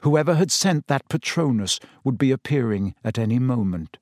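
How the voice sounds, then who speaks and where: Brief: male audiobook narrator, mid-pitched, measured, close and bone-dry. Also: expressive, darkish tone, no echo. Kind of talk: scripted narration.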